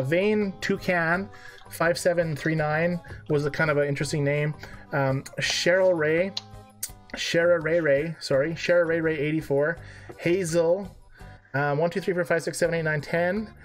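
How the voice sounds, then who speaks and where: A man's voice: fairly high pitch, steady tone, moderate pace, faint music behind. A man co-hosting a casual game live stream, joking and laughing at himself as he plays.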